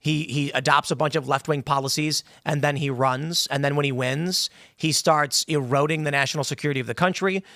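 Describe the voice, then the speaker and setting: A man hosting a panel talk show, laying out a long hypothetical scenario with animated delivery. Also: fairly high pitch, fairly quick, few pauses, no echo, studio quality. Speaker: show host.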